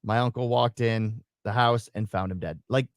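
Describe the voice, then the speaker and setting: A man co-hosting a casual live radio chat, telling a personal story in an animated way and acting out the parts. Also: on the low side, moderate pace, no echo, clean studio sound. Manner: animated storytelling, acts out his own screams and quotes. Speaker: radio show co-host.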